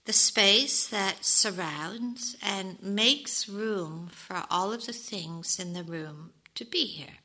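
A woman meditation teacher giving a gentle, reflective dharma talk, with soft whispered asides. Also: mid-range voice, takes it slowly, few pauses, poor audio.

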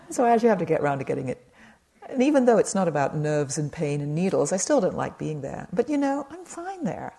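Low-voiced, mellow woman meditation teacher. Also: very animated, fairly quick. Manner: gentle, conversational, talks to the audience with light humor. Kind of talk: dharma talk at a retreat.

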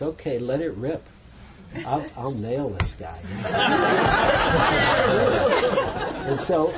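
A man, a meditation teacher, giving a dharma talk in a meditation center hall, telling a story in a relaxed, chatty, self-mocking way. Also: on the high side, slight background noise. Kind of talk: dharma talk to a retreat audience.

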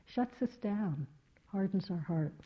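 A woman meditation teacher giving a dharma talk in a gentle, reflective way, with many soft fillers. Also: medium pitch, expressive, slow pace. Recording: slightly dull lo-fi talk recording.

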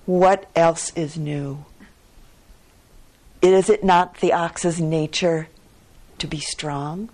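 Brief: self-assured wealthy male merchant, scoffing and lecturing, lowish husky tone, played by a woman storyteller. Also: fairly even intonation, drawn-out words, long pauses, a little mellow, full character voice. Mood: scoffing, confident. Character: wealthy smug male merchant, dismissive and sure of himself.

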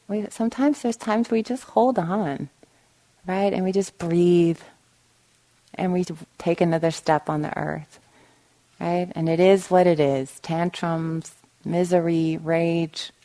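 In a meditation hall, a woman meditation teacher gives a dharma talk with warm storytelling, often checking in with listeners through "right?" asides. Her voice is lowish and the recording is rough.

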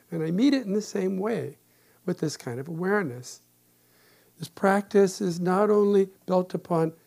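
Gravelly older man giving a meditation talk. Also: on the high side. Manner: calm, reflective, with gentle humor. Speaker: meditation teacher and therapist.

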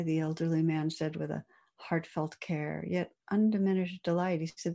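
A woman meditation teacher telling a story in a dharma talk, gentle and unhurried, with soft pauses. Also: low voice, little pitch movement, gravelly.

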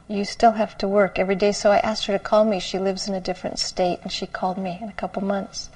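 A woman meditation teacher giving a dharma talk, telling a student's story in a soft, slow way and often dropping to a whisper. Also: medium pitch, rough recording.

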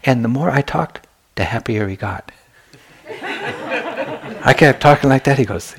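A man's voice: mid-range voice, measured pace, vocal fry, crowd noise. A man who is a meditation teacher, giving an evening dharma talk in a candid, conversational way, telling stories with frequent restarts. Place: retreat center meditation hall.

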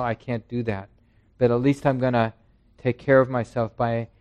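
In a meditation center, a man who teaches meditation leads a group through a relaxed, thoughtful dharma talk, voicing quotes dramatically. His voice is mid-range with a slightly dark tone, picked up by a shared handheld microphone.

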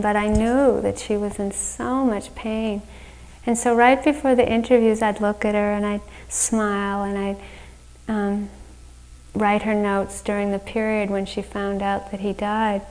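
A woman meditation teacher giving a dharma talk on retreat, slow, gentle and reflective, often laughing at her own stories. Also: mid-range voice, rough recording. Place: retreat center meditation hall.

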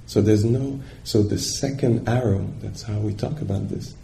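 A man's voice: fairly low pitch, moderate pace, creaky, mellow, a little hiss or hum. A man giving a dharma talk as a meditation teacher, searching for words and checking in with his listeners.

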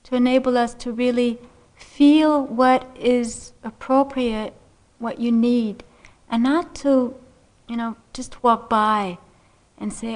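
Woman meditation teacher, dharma talk, gentle, soft laughs, slow, slightly high voice. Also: fairly even intonation. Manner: unhurried, gentle, frequent soft laughs and "you know". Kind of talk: dharma talk, personal story.

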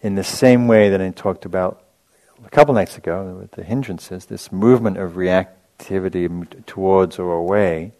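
A man's voice: low-pitched, fairly even intonation, normal speed, a little mellow. A man teaching meditation in a casual, chatty dharma talk, telling stories with rambling asides and laughing at his own anecdotes.

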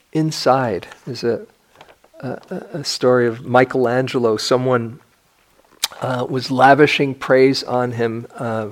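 An older man giving a dharma talk as a meditation teacher, speaking in a reflective way with gentle pauses and restarts. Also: medium pitch.

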